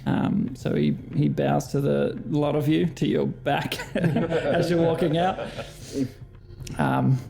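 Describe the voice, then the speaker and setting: An Australian man narrating as dungeon master of a tabletop game, relaxed and hesitant with frequent ums. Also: fairly high pitch, slow, creaky.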